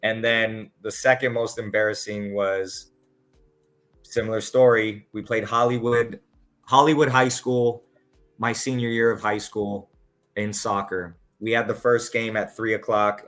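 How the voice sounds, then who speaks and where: A man's voice: fairly low pitch, a little slow, soft background music. A man, a podcast guest, telling casual stories with lots of swearing and acted-out quotes. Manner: animated, profane, acts out quotes. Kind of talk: casual storytelling.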